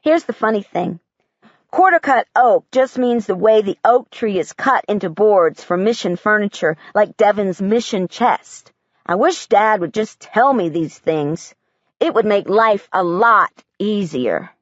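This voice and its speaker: Woman, audiobook narrator, earnest, matter-of-fact, lively pitch, dry, slightly dull. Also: measured pace, no room sound. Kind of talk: first-person audiobook narration as a young girl.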